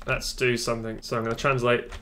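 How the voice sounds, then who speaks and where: Tutorial host: man, chatty and offhand, mid-pitched, desk mic with faint keyboard clicks behind. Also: flat delivery, fast talker, a bit bright, slight background noise. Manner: chatty, offhand, self-deprecating asides. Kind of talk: casual screen-recorded tutorial. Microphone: desk microphone.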